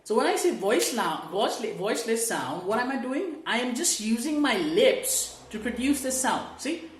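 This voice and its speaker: A woman's voice: on the high side, very animated, normal speed. Woman teaching English sounds in an echoey room. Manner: explains step by step, asks rhetorical questions, models sounds aloud. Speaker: English pronunciation trainer. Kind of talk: online teaching lesson.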